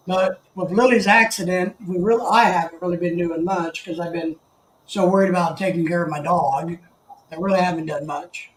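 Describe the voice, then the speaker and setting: A man hosting a casual live stream, chatting and greeting viewers by name in a rambling way. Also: high-pitched. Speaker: livestream host. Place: living in the Philippines. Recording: echoey room, faint background noise.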